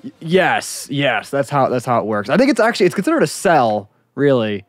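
A man's voice: mid-range voice, big pitch swings, brisk, no echo, soft background music. A young man co-hosting a let's play, joking and laughing in casual gaming banter.

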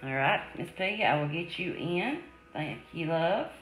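A woman hosting a live jewelry sale, chatting warmly with viewers and calling them sweetie, love and darling. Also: deep voice, lively intonation, normal speed, faint music behind. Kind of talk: live-stream selling chat. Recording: echoey room.

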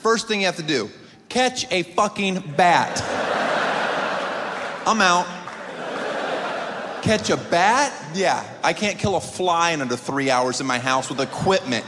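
A man in his thirties doing a stand-up set, sarcastic and incredulous, jumping in pitch as he mocks people. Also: brisk, hardly any pauses. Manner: sarcastic, incredulous, with sudden pitch jumps into mock voices. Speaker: stand-up comedian. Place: large theater stage before a live audience. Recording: long theater reverb, audience noise.

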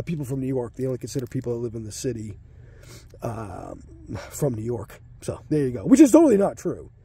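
Slangy man, mellow voice. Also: on the high side, slight background noise. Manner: laid-back and slangy, calls viewers man and dude. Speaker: card pack opener. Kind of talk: casual commentary while opening packs.

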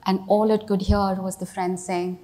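A mellow, mid-range voice with flat delivery and a moderate pace belongs to a middle-aged CEO from India giving a keynote. She tells stories conversationally and often says "you know" and "right?"

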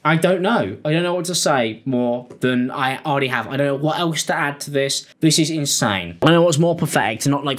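Sweary, exasperated British guy. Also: fairly high pitch. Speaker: commentary host. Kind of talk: angry commentary.

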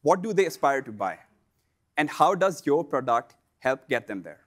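A man presenting a scripted instructional lesson for online sellers, in a measured, explanatory delivery. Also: medium pitch, big pitch swings.

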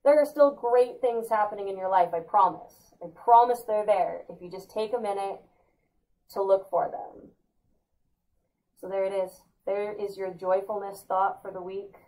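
An upbeat, playful woman from California hosts a casual weekly spiritual talk. Her voice sits at an ordinary middle pitch. She jumps into high, excited put-on exclamations. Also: normal speed, low-quality recording. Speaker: host.

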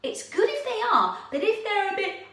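Animated woman teaching young kids. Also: very high voice, normal speed. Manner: animated and encouraging, with exaggerated teacher cues. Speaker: children's drama teacher. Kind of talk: lively lesson for young children. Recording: echoey room from far off.

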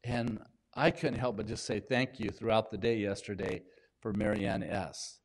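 A man's voice: on the low side, fairly even intonation. Man preaching in a conversational way. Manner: conversational preaching with pauses and restarts. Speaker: pastor. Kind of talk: sermon. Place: church in Washington State.

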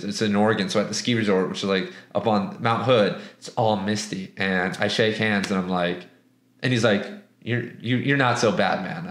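A young man from the West Coast giving a casual, rambling book review, profane and animated, with many restarts. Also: fairly low pitch. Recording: echoey room.

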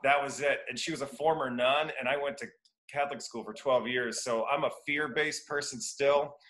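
A man in his fifties from Iowa chats as a guest on a podcast, spinning long anecdotes full of restarts and acted-out quotes. His voice is bright and forceful at an ordinary pitch. The room gives it a noticeable echo. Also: fairly even intonation, moderate pace. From Iowa, United States. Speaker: guest educator. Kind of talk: casual storytelling interview. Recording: roomy echo.

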